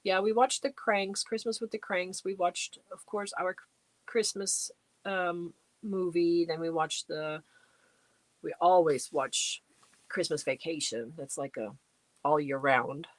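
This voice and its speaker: A woman's voice: lowish voice, fairly even intonation, takes it slowly, dry recording. A middle-aged woman hosting a casual livestream, chatting away and reading out and answering viewer comments. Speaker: livestream host. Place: home crafting space.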